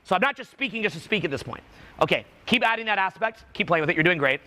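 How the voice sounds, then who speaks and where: Male speaking coach, high bright voice, commanding and energetic. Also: fast. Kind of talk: live coaching workshop.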